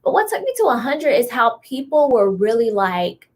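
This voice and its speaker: A woman's voice: on the high side, sing-song, normal speed. A young woman co-hosting a podcast, talking in a blunt, emphatic, slangy way. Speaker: podcast co-host. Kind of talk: casual chat.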